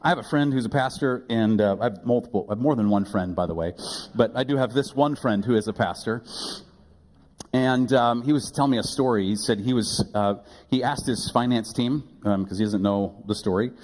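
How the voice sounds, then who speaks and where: A man's voice: mid-range voice, fairly quick, darkish tone. A male pastor giving a conversational sermon, mixing humor with quoted voices to a church congregation. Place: church sanctuary with live audience. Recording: long hall reverb.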